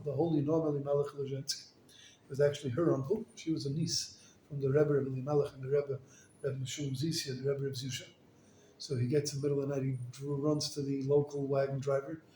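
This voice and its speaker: Animated rabbi in an echoey room. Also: male voice, mid-range voice, fairly quick. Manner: animated, casual, lots of "like" and "you know". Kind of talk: storytelling sermon. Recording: echoey room with faint noise.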